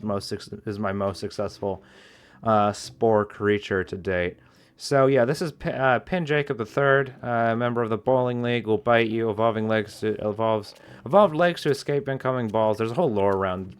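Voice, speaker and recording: A man giving casual, rambling let's-play commentary in a playful way, often restarting his sentences. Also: on the low side. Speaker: gameplay commentator.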